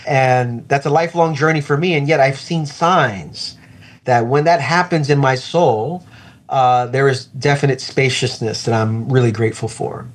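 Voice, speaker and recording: An earnest man in the middle of his range, talking as a pastor in a relaxed interview. He is reflective and unhurried, and he slows right down whenever he wants a point to land. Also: medium pitch.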